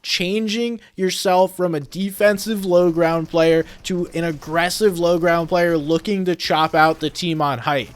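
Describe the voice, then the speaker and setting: A young man explaining team roles in a game as a steady, analytical voice-over. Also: a little high, a little slow, hardly any pauses, clear, resonant tone. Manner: analytical, steady teaching delivery. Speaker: video creator and game analyst.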